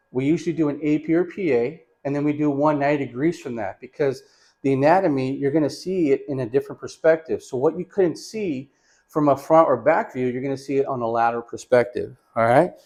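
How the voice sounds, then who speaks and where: A man with a fairly high voice teaches chest X-ray positioning in a relaxed, conversational way. As a radiography instructor, he calls his students "you guys" and loudly calls out breathing instructions to a patient during a hands-on demonstration with storytelling.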